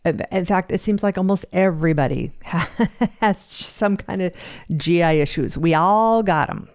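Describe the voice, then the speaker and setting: Woman, podcast host, frank and jokey, lots of fillers and restarts, lowish voice, dry close mic. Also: normal speed, a little mellow, clear, resonant tone, no echo. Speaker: podcast host and fitness coach. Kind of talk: candid personal podcast monologue. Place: seated at a home podcast desk. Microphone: studio microphone, seated.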